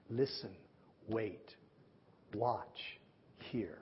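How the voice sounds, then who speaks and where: A man's voice: mid-range voice, moderate pace, slight background noise. Man preaching in a reverberant hall. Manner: animated storyteller, acts out quoted voices. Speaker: pastor. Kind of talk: sermon storytelling. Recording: dull lo-fi audio with long hall reverb.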